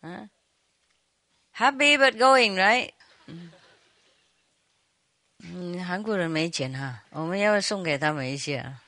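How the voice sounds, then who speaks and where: A woman's voice: fairly low pitch, measured pace, long pauses, sharp tone, dry recording. A woman teacher giving an informal talk to a retreat audience, teasing them playfully with frequent laughter and switching between English and Chinese.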